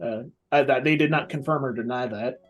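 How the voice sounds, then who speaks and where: A man's voice: mid-range voice, fairly quick. A man playing a tabletop game, talking in a loose, rambling, chatty way. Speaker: player. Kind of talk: casual tabletop play.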